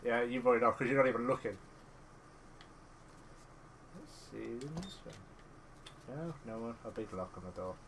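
A man's voice: medium pitch, animated, moderate pace, pauses often, background noise. A man hosting a let's play, giving sarcastic, joking commentary on the game and swearing often. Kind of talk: gameplay commentary.

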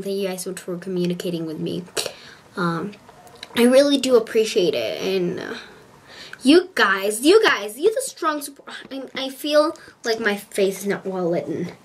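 A young woman vlogging from inside a parked car, talking casually, gushing and rambling, into a handheld compact camera. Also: medium pitch. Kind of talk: casual vlog chat.

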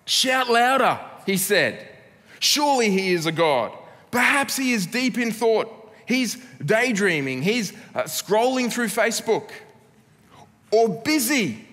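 A sneering, sarcastic prophet taunts his rivals in a raised, higher voice as an Australian preacher puts him on. The mockery rings out with a long church-hall reverb behind it. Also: sing-song, slow, few pauses, bright, forceful tone, full character voice. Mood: mocking.

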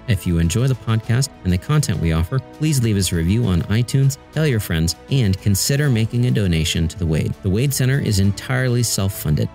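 A man's voice: deep voice, darkish tone. A man producing a podcast, asking the hosts questions and reading the closing announcement. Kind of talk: casual questions and scripted outro.

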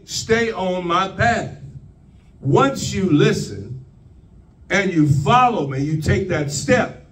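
A man preaching a sermon, slow and deliberate, leaning on repeated phrases. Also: on the high side, recorded from a distance, rough recording. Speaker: pastor.

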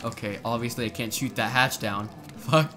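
A man giving casual, excitable gameplay commentary, laughing and swearing as he plays. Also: mid-range voice, normal speed, noisy background. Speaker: gaming video host.

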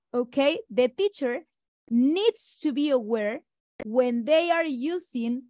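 In a dry recording, a Spanish-speaking teacher trainer with a high voice lectures online to fellow teachers. She is brisk and quick, talking straight to her colleagues.

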